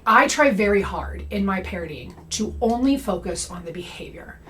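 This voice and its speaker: A young adult woman talks straight to her audience in a casual monologue. Her voice sits at a middle pitch. She keeps it conversational and tags her points with "okay?" and "right?". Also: animated, normal speed, a bit bright, slight background noise. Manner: conversational, frequent "okay?" and "right?" check-ins. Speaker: comedy creator and anti-MLM commentator.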